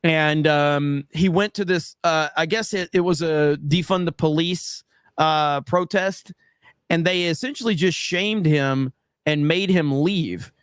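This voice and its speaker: A man streaming live and reading out chat messages, talking in a blunt, profane and excitable way. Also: fairly high pitch, slow pace, smooth, dry recording, clean studio sound. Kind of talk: casual livestream commentary.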